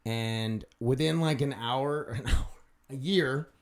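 A man's voice: mid-range voice, takes it slowly. A man hosting a casual podcast chat, blunt and crude with joking banter.

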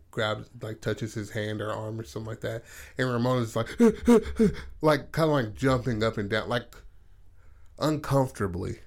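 A man casually pitching a story idea in loose, profane talk, acting out the characters' lines. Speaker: podcast host.

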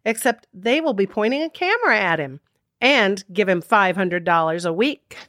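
A woman's voice: medium pitch, big pitch swings, normal speed, fairly bright tone. A woman co-hosting a podcast, narrating the scenes of a sitcom episode matter-of-factly. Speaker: podcast co-host and describer.

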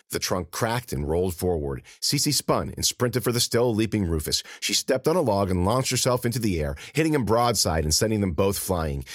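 Expressive male audiobook narrator. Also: deep voice, dry recording. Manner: expressive, animated reading.

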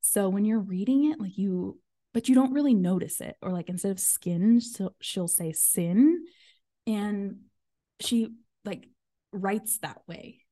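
A woman's voice: medium pitch, unhurried, warm tone, dry recording. A woman in her thirties hosting a podcast, chatting casually and filling her talk with "um" and "like". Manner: chatty, full of fillers and "like". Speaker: podcast host. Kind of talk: casual chat.

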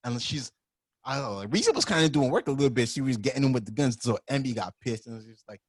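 A man casually retelling anime scenes as a podcast co-host, animated and full of "like" and "yo". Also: mid-range voice, fast, slightly rough, no room sound, studio quality. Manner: animated storyteller, heavy use of "like" and "yo".

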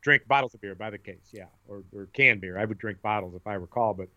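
A middle-aged man with a bright, forceful voice tells rambling stories in casual conversation. He often restarts and repeats words. The recording sounds slightly dull and lo-fi. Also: lowish voice, quick pace. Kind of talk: casual chat.

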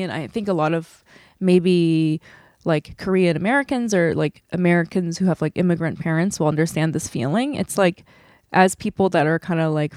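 A woman's voice: fairly low pitch, no room sound, studio quality. A woman hosting a podcast, talking earnestly and gushing, with a lot of "like" between words. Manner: earnest, gushing, heavy use of like. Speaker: podcast host. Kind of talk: casual podcast chat.

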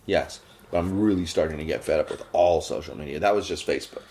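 A low-pitched man hosts a podcast at a quick pace, with a little hiss or hum in the audio. Ranting casually, he gets worked up and his voice spikes when he's indignant.

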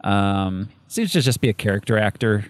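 A man's voice: on the low side, lively intonation, moderate pace. A man co-hosting a casual movie review chat, rambling through cast lists with many fillers and frequent laughs. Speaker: podcast co-host.

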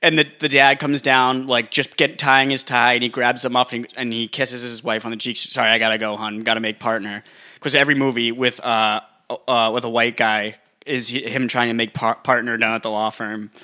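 A man's voice: mid-range voice, flat delivery, moderate pace, hardly any pauses, pushed and bright. A man co-hosting a casual chat, rambling and making crude jokes.

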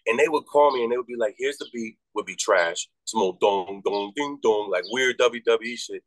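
A man from Massachusetts spins a long story in a relaxed interview, swearing freely and jumping his voice up high whenever he acts out other people's lines. His voice sits at an ordinary middle pitch, and the recording is close and dry with no room sound. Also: normal speed, no echo, poor audio. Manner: animated, profane storytelling with quoted voices and big pitch jumps. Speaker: rapper and podcast guest.

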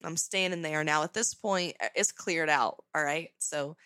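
A young adult woman hosting a podcast, telling a story in a casual, sarcastic, animated way. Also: low voice, normal speed, smooth, no room sound. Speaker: podcast host.

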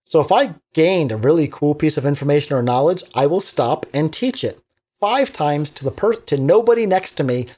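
A man who works as a teacher, talking casually on a podcast in an animated, motivational way, acting out little quotes. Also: a little high, normal speed. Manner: animated, preachy motivational talk with acted-out quotes.

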